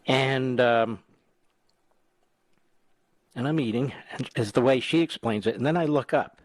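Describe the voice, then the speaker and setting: A man's voice: mid-range voice, unhurried, no echo. A man in his sixties hosting a talk radio show, chatting casually and telling stories with dry jokes. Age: 60s. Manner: wisecracking, lively storyteller. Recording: dry studio sound.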